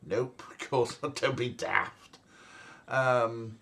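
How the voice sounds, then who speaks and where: A man's voice: medium pitch, little pitch movement, takes it slowly, bright, forceful tone. A young man casually commentating a game, rambling and joking and laughing often. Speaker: let's play streamer.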